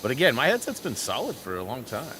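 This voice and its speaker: A man's voice: medium pitch, quick pace, a little hiss or hum. A man hosting a gaming channel, telling rambling stories over gameplay into a headset mic, reading chat as he goes. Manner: rambling storyteller, animated, reads chat aloud. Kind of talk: chatty gameplay commentary.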